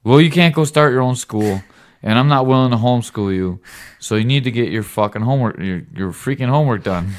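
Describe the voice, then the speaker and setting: Speaking fairly quickly in a mid-range voice, this man hosts a podcast and lectures his son in a casual, rambling, earnest fatherly way. He cusses now and then and often asks "right?" to check in.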